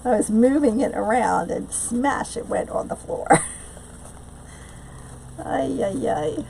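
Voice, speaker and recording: A woman's voice: a little high, slow pace, vocal fry, warm tone, slight background noise, rough recording. A woman hosting a live-streamed craft tutorial from home, chatting loosely, answering viewers' comments aloud and often trailing off into fillers and restarts. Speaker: craft channel host.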